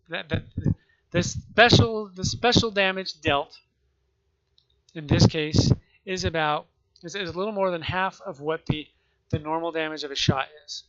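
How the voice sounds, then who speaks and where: A man with the hiccups explaining gameplay in a rambling, halting way, often restarting and correcting himself. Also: on the high side, fairly bright tone. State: has the hiccups. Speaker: gaming video creator. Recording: muffled lo-fi mic.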